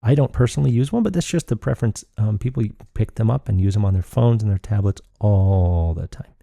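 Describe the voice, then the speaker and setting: A man's voice: lowish voice, a little fast, vocal fry, mellow, no room sound, studio quality. A man hosting a solo podcast, rambling and thinking aloud with frequent restarts. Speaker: podcast host.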